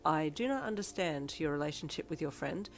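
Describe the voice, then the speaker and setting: A woman reads as a proper young male student, earnest and blunt, his words stiff and formal. The voice sits fairly low, close to the reader's own. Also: animated, a little fast, creaky, faint music behind.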